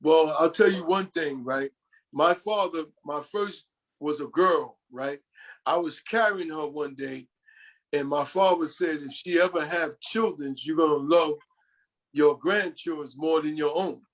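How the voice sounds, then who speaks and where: An older man from New York speaks as a podcast guest with a somewhat high voice. He rambles through personal stories and keeps slipping into quotes of what others told him. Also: unhurried. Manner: rambling, often quoting others. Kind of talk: storytelling in an interview.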